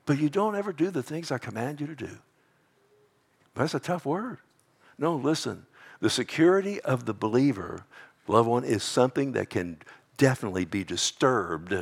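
A man preaching a sermon, swinging between hushed, drawn-out lines and loud ones, often calling out "amen" and "loved one" to his listeners. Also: medium pitch. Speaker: pastor.

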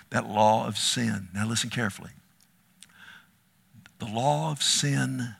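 An impassioned male preacher with a bright, forceful tone. He surges into loud, pleading climaxes, then falls back to soft, intimate asides. He speaks to his hearers tenderly as "loved one.". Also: mid-range voice, gravelly. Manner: impassioned, rising to near shouts then dropping to hushed asides; addresses listeners as "loved one". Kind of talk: sermon.

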